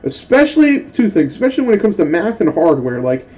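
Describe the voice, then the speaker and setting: A man's voice: high voice, quick pace, poor audio. A young man in casual gameplay commentary, rambling and swearing as he tells stories between moves. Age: young adult. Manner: rambling and profane, with excitable acted-out quotes. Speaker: gaming channel host.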